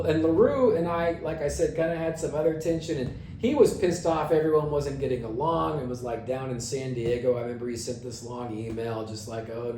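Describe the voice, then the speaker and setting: A man's voice: medium pitch, warm tone, roomy sound, a little hiss or hum. A middle-aged man telling the story of his band in a casual monologue, swearing and acting out his own angry reactions.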